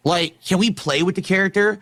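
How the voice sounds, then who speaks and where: A man's voice: high voice, a little fast, fairly bright tone. A man ranting on camera in an exasperated, profane way about fighting games. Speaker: video creator. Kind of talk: ranting video commentary.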